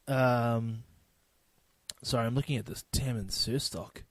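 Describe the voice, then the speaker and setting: A man's voice: medium pitch, takes it slowly, pauses often, no room sound. A young man in his twenties with a New Zealand accent, hosting a casual solo podcast in a loose, profane, rambling way. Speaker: podcast host.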